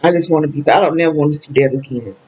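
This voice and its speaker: Racing along in a low, dark, husky voice, an older Southern vlogger talks alone to the camera on a low-quality recording. Her personal monologue is casual, sad and rambling, emotional throughout with frequent laughs and exclamations.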